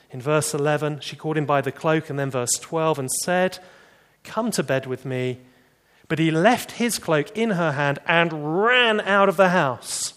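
A man preaching a sermon, animated, rising for emphasis and dropping to quiet, serious points. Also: a little high. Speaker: pastor.

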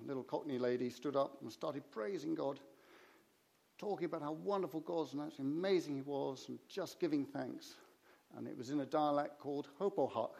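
A man's voice: medium pitch, gravelly, dark tone. A man preaching a sermon, telling stories and acting out the conversations in them. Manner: anecdotal, acts out conversations in his stories.

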